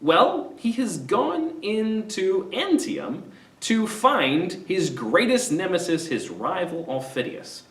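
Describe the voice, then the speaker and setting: A man hosting a casual, animated play summary, retelling scenes with quick put-on voices. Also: sits high. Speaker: literature discussion host. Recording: roomy echo, mic at a distance.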